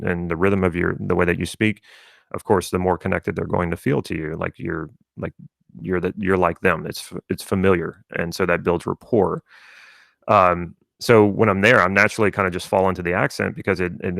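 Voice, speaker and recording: A man's voice: sits low, vocal fry, a bit bright, no echo, studio quality. A man from South Louisiana with a mostly neutral American accent, rambling conversationally as a coach on a live stream, with many restarts. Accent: General American, from South Louisiana. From rural South Louisiana, USA. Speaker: NLP coach.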